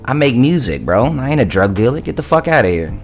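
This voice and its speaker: A man's voice: mid-range voice, sing-song, fast, soft background music. A young man livestreaming from home, chatting loosely with his viewers, swearing freely and rambling through his talk. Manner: loose, profane, talks to chat. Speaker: livestreaming musician. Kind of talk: casual livestream chat. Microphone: studio mic through interface.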